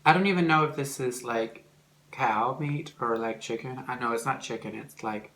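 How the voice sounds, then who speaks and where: A young man with a Norwegian accent chatting casually while eating on camera, rambling with lots of fillers and swearing, sometimes jumping into loud, shrill, mocking outbursts. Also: normal speed, slight background noise. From Norway. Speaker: vlogger.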